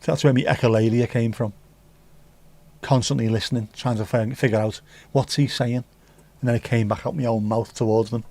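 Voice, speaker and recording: An English man hosts a livestream, chatting casually and reading viewer comments aloud with rambling, jokey asides and plenty of swearing. His voice is medium in pitch with a darkish tone, and he speaks at a normal speed with fairly even intonation.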